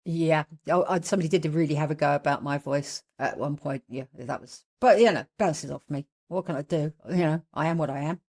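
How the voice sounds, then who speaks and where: A woman's voice: sits low, a little fast, hardly any pauses, darkish tone. A woman with a London accent chatting casually, often stumbling and repeating words. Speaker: podcast regular. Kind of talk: casual group chat.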